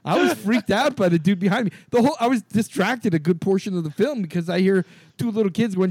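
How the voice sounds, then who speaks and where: A man co-hosting a podcast, telling stories in an animated, profane way and acting out the quotes. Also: high-pitched, quick pace, breathy edge, no room sound. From California. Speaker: podcast co-host. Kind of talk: casual chat.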